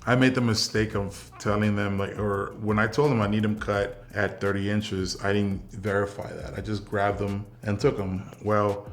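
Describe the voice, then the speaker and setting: This is a young man from South Texas, a veteran being interviewed, who speaks in a low, laid-back voice. He rambles through his anecdotes with plenty of "um" and "you know," keeping the tone of a casual conversation. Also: moderate pace, hardly any pauses. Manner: relaxed, rambling anecdotes with many fillers. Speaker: interview guest, military veteran.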